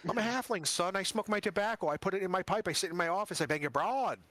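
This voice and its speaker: A man's voice: high-pitched, fast talker, a bit bright. A man voicing a cocky male halfling detective with 1940s noir tough-guy patter.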